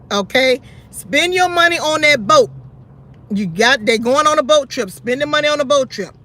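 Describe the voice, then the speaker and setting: A woman with a strikingly high voice that has a bright, forceful edge. She hosts her own commentary vlog and talks in a blunt, sassy, scolding way, addressing people one by one. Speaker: YouTube channel host.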